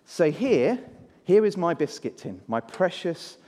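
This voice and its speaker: A man's voice: high-pitched, very animated, unhurried, dark tone. A man giving a children's talk in a church service, drawing the congregation in and having them repeat words with him. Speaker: preacher. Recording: long church reverb.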